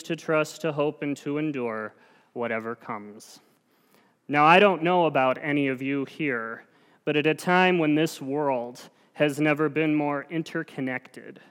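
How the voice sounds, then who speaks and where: A man preaching in a church sanctuary, earnest and conversational, sometimes poking fun at himself. His smooth, resonant voice rings out with a long reverb that fills the hall. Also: mid-range voice. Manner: earnest, self-deprecating and conversational. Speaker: lay preacher. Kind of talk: sermon.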